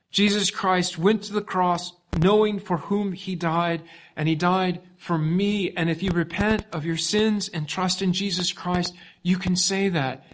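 High-voiced man preaching slowly. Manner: emphatic preaching, swings from loud to hushed. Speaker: pastor. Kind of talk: sermon.

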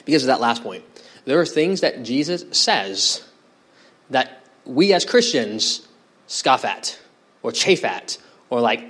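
Male pastor, mid-pitched voice, casual preaching style that quizzes the room. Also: expressive, normal speed. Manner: conversational, asks the congregation questions. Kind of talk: expository sermon.

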